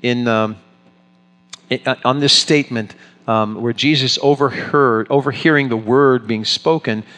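A man's voice: mid-range voice, fairly even intonation, measured pace. Preaching man in a reverberant hall. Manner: swings between loud exclamations and hushed, tender asides. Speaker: pastor. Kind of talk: sermon. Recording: long reverb of a large hall.

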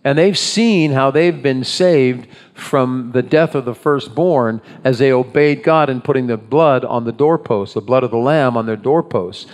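A man's voice: medium pitch, unhurried, hardly any pauses. A man leading a congregation in prayer and then preaching a sermon, asking the listeners questions as he goes. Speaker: pastor.

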